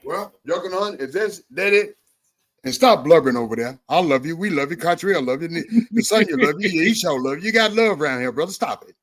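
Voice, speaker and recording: A man's voice: fairly high pitch, animated, quick pace, a bit bright. A man hosting a religious talk show, effusive and repeating his words of praise. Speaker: show host.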